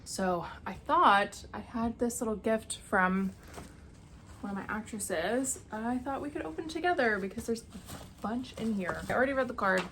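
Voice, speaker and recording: A bright, slightly high female voice moves at a moderate pace against a little background noise. Vlogging casually from home, the young woman pours out effusive exclamations.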